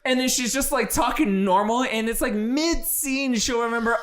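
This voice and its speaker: A man's voice: very high-pitched, lively intonation, fairly quick, few pauses, fairly bright tone. A man co-hosting a casual movie review, blunt and exasperated, swearing freely as he rants.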